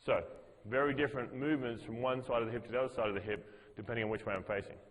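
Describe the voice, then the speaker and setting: A man's voice: mid-range voice, steady tone, rapid-fire, in a large hall, poor audio. A man teaching a fitness class, counting reps aloud and explaining the moves as he demonstrates them. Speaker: fitness instructor. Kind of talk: gym class instruction.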